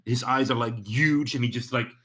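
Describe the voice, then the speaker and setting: A man running a tabletop game as game master, talking casually with many pauses and restarts. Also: medium pitch, fairly even intonation, fairly bright tone. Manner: hesitant, many ums and restarts.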